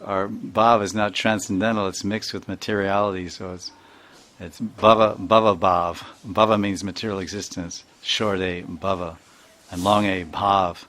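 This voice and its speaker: A man's voice: on the low side, fairly bright tone. An older man giving an informal spiritual talk, chuckling often and repeating words as he sounds them out. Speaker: spiritual teacher.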